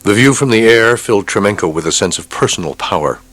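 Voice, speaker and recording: A man narrating an audiobook with a steady, measured reading. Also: lowish voice, dry recording. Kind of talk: scripted narration.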